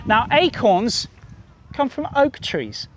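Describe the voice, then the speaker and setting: Animated man telling stories to children. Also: extremely high pitch, slow. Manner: animated, sing-song, coaxing audience to join in. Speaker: children's storyteller. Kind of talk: storytelling to children outdoors. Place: outdoors in a park.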